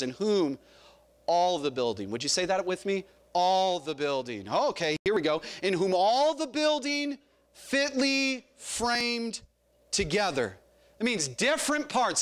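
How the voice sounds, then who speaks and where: A man with a Southern US accent preaching a sermon as pastor, asking the congregation questions and calling on members by name, rising to loud calls and dropping low. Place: church sanctuary.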